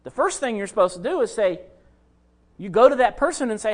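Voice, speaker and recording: Lively high-voiced man preaching. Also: brisk. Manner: conversational, addresses listeners directly. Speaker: pastor. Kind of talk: sermon.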